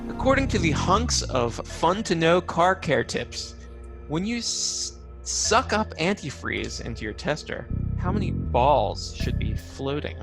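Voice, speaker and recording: Gravelly quiz host, man. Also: on the high side, wildly swooping pitch, a little slow, over music. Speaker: game show host. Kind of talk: quiz questions on a live web show.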